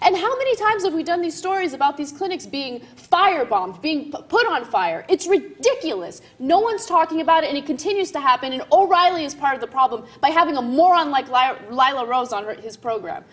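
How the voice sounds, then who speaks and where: A woman's voice: sits high, lively intonation, brisk, few pauses. A female talk show co-host giving blunt, indignant opinion commentary.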